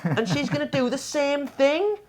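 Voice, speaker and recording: A woman's voice: high voice, normal speed. Woman ranting, swearing, exasperated. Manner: exasperated ranting, profane, animated. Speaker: game reviewer co-host. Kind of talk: casual review chat.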